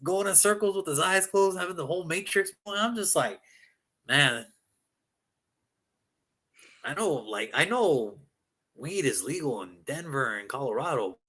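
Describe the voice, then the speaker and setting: A man co-hosting a sports talk show, joking in a casual, animated way and often acting out what people said. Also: fairly high pitch, a little slow, long pauses, breathy edge. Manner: animated, joking, mock-quoting people, repetitive.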